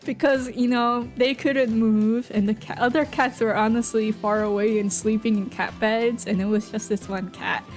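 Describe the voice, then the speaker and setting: A woman's voice: a little high, steady tone, normal speed, few pauses. A woman streaming, chatting casually with viewers in a rambling, playful way full of fillers and restarts. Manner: playful, giggly. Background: faint background music.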